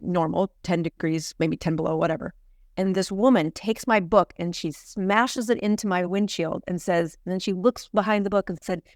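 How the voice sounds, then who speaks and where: Brief: middle-aged woman doctor, lively storyteller who laughs a lot, mid pitch, dry sound. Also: dry recording. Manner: animated storyteller, laughs often. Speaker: physician and podcast guest. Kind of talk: storytelling in a podcast interview.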